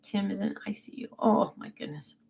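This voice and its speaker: With a medium-pitched, creaky and slightly mellow voice at a moderate pace, a woman livestreams casually from her home desk, with slight background noise. She talks about herself and responds to viewers' comments, chatty and poking fun at herself.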